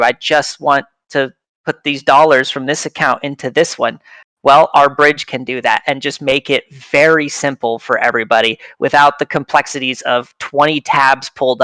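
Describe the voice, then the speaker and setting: A man's voice: mid-range voice, bright, forceful tone, smooth, no echo, poor audio. A man from a project team explaining his product in a casual online AMA, eager and often checking in with "right?". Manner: enthusiastic, leans on "right?".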